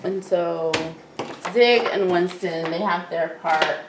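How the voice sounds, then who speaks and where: Low-voiced woman heard from across a room. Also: slow pace. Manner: rambling, restarting sentences while describing scenes. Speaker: podcast co-host. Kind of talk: casual episode recap chat. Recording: distant mic in an echoey, noisy room.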